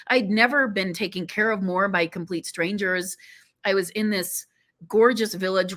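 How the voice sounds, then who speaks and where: A woman tells a personal story as a podcast guest. Her voice is somewhat low, with a bright, forceful tone. She speaks animatedly and emotionally, and peppers her talk with "you know".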